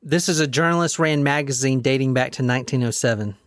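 A man's voice: medium pitch, fast, no echo, clean studio sound. A man hosting a casual true-crime chat, laid-back, swearing and laughing often. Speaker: host.

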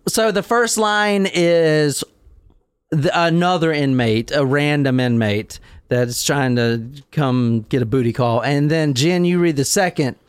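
A man's voice: on the high side, a little slow, clear, resonant tone, no echo. A man hosting a casual podcast, rambling, swearing and laughing as he tells the story. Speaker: podcast host.

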